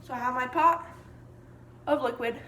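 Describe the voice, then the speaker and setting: Joking at her own expense, a teenage girl shoots a casual cooking vlog on her phone in her home kitchen, where the room echoes and there is faint noise. She talks at normal speed in a high-pitched, sharp-toned voice.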